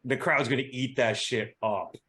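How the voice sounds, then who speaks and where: A young man co-hosting a wrestling podcast in casual chat, excitable and quick to laugh, often restarting his sentences. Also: medium pitch.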